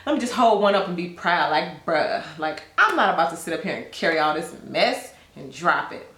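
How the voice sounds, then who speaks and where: Chatty, blunt woman reading tarot, roomy sound. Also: a little fast. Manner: chatty and blunt, animated swings in pitch. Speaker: tarot reader. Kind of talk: casual tarot reading monologue.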